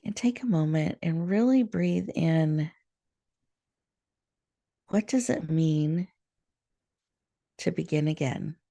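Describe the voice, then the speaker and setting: A woman guides a breathing meditation, speaking softly and unhurriedly with a gravelly edge. Her voice is dry and close, with no room sound around it. She talks as the host of the show. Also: sits low, no room sound. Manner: soft, slow, soothing guidance. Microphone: video call.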